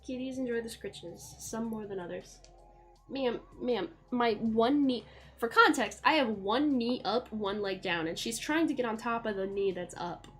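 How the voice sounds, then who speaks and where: Loud, excitable woman streamer. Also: a little high, normal speed, faint music behind. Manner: loud and excitable, swears casually; coos in baby talk to her cat. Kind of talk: casual live-stream chat. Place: at home in a chair by a window.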